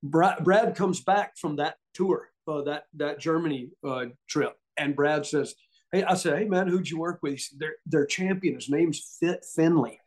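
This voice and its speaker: Guesting on a podcast, this ex-wrestler spins casual stories in a Southern US accent, voice pitched on the high side and paced moderately. The middle-aged man stays animated, laughing often and performing the quotes.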